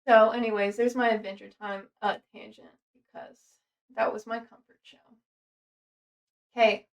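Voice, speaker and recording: Young woman, podcast host, rambling, swears often, higher voice, off-mic sound. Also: sharp tone. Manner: rambling, swears freely, many fillers. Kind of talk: casual chat reading from notes. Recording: voice distant from the mic.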